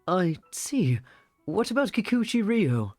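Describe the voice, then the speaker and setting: A man's voice: sits high, very animated, takes it slowly, darkish tone, no echo, faint music behind, voice pushed up, full character voice. A man voicing a timid young male student in a fake British accent, reading a visual novel aloud. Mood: polite.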